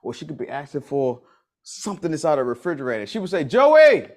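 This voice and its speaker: A man's voice: medium pitch, fast talker, darkish tone. A man leading a business coaching workshop in a casual, slangy way, repeating key lines for emphasis. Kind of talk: motivational workshop talk.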